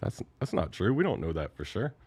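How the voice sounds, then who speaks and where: A man in a casual studio chat, calmly skeptical and explaining his view. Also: sits low, fairly quick, slightly rough.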